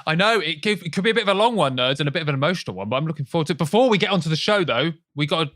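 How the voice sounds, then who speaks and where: A man's voice: a little high, lively intonation, racing, fairly bright tone. A man co-hosting a podcast in a casual chat, playful and teasing, laughing often. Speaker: podcast co-host.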